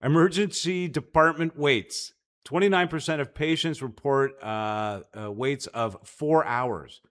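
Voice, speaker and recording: A man from Canada co-hosting a casual policy talk show, earnest with quick jokey asides. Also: a little high, fairly bright tone. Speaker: podcast co-host. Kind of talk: casual chat about policy.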